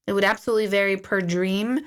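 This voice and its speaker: A chatty middle-aged woman speaking at an ordinary pitch, hosting a relaxed live-stream question-and-answer session. She talks in a loose storytelling way, reading out viewers' questions and acting out her own remarks in lively little asides. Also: fast talker.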